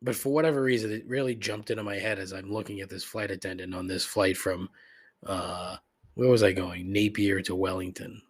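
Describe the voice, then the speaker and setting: A man's voice: lowish voice, slightly rough. Profane middle-aged man griping. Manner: profane, rambling, griping, frequent laughs and asides. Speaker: podcast host. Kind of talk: casual comedic rant.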